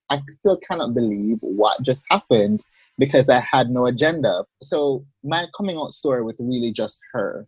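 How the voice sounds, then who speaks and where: Man, podcast guest, husky mid-pitched voice, measured storyteller on a dry video call. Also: no room sound. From Jamaica. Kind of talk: personal storytelling in a casual interview.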